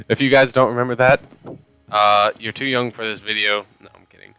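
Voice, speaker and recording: A man's voice: medium pitch, steady tone, normal speed, sharp tone, clear, resonant tone, no room sound, soft background music. A man casually commenting on a game as he plays, joking and rambling in self-deprecating asides. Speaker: gamer reading game text aloud. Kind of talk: casual let's play commentary.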